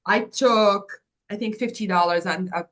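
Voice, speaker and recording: Guest storyteller: woman, middle pitch, animated, acts out dialogue. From Morocco. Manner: animated, acts out quoted dialogue, quick restarts. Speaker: guest, agency founder. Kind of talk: personal storytelling in an interview.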